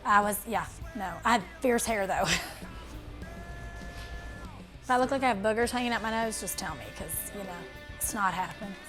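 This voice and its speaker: A woman from Kentucky with a Southern accent and a raspy voice, performing a sassy stand-up set. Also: medium pitch, moderate pace, long pauses, soft background music. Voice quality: raspy, hoarse-sounding voice all the time. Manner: sassy, drawling, loud bursts to the crowd. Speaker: stand-up comedian. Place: large theater stage. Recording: live stage with hall echo, faint noise.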